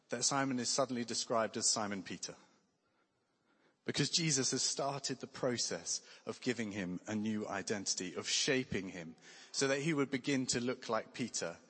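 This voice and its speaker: Male preacher, earnest and conversational, mid-pitched voice, long hall reverb. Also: fairly bright tone, slightly rough. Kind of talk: sermon.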